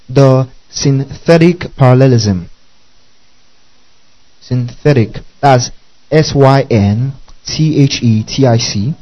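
Male Bible teacher, mellow dark tone, repetitive and checking in, muffled lo-fi recording. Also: mid-range voice. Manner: repeats each point and spells out key words; often checks if listeners follow. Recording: dull lo-fi recording.

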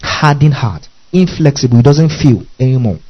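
A man's voice: medium pitch, lively intonation, normal speed, dull audio. A man preaching a Bible-study sermon, repeating key words, spelling out Greek terms and often checking in with his listeners.

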